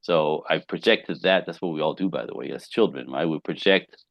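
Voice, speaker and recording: A man who is a relationship coach, telling client stories on a podcast with lively acted-out quotes and casual swearing. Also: a bass voice, a little fast, creaky, dry recording, lo-fi sound. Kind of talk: podcast interview guest.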